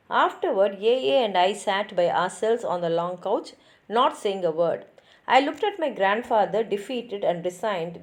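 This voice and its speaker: A woman reading a novel chapter aloud in a steady, expressive storytelling manner. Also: medium pitch. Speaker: reader.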